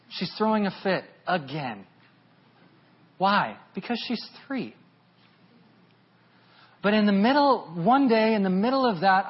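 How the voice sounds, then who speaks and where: A man in his thirties preaching a sermon, telling a personal story in an earnest, confessional way. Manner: earnest, confessional, swells louder and higher at emotional peaks. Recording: dull lo-fi sound.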